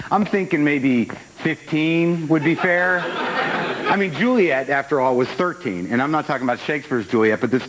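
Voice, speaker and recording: A man's voice: fairly high pitch, fairly bright tone, slight background noise, poor audio. A man on a comedy panel, making an absurd case in a mock-reasoned, earnest tone. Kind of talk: mock-serious comedic pitch.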